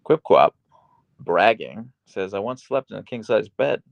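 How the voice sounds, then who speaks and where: A man hosting a casual livestream from a small bedroom, reading chat aloud and cooing at his dog in a high baby-talk voice. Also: big pitch swings, unhurried, gravelly, no echo, lo-fi sound.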